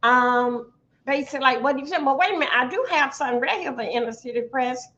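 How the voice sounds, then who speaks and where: A woman's voice: high voice, fast talker, fairly bright tone, lo-fi sound. A woman hosting a livestream, talking chattily to her viewers. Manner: chatty, addresses viewers as "y'all". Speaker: livestream host. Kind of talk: livestream commentary.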